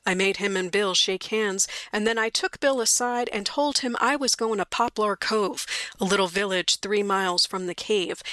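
Bright-voiced woman reading a story. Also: medium pitch, no echo. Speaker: audiobook reader. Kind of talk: storybook narration.

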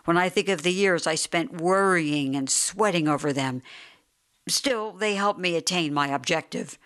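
A woman reading a restless, ambitious businessman. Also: fairly low pitch. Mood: disgusted. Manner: brisk and hearty when busy, flat and dull when idle. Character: middle-aged businessman, restless, driven by ambition. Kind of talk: audiobook character reading.

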